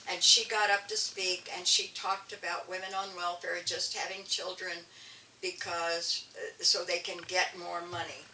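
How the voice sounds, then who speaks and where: Older woman telling a lively story. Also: mid-range voice, a little hiss or hum. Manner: animated storyteller with frequent restarts. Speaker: guest elder and artist. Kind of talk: storytelling interview. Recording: echoey room, distant mic, faint ambience.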